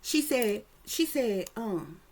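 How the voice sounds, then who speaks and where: Woman psychic reader, slightly high-pitched, emphatic and profane, loose conversational delivery. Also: very animated, slow, a little mellow. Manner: emphatic, profane, keeps checking in with listeners. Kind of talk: casual psychic reading commentary.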